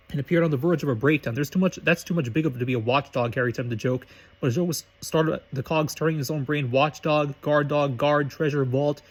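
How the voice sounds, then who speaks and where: A man reads a story aloud at a brisk clip, now and then stumbling and restarting a phrase. His voice sits somewhat high and moves quickly. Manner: brisk reading with slips and restarts. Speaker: reader of fan fiction.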